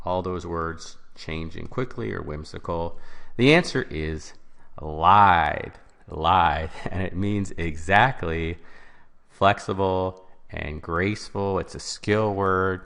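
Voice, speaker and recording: A man's voice: sits low, vocal fry. A man teaching a test-prep vocabulary lesson as a voice-over, explaining step by step and stressing key words.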